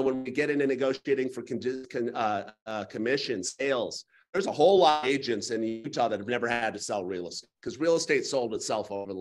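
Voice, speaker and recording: Folksy storytelling real estate coach. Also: male voice, mid-range voice. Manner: folksy, storytelling, rapid asides. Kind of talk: live class lecture.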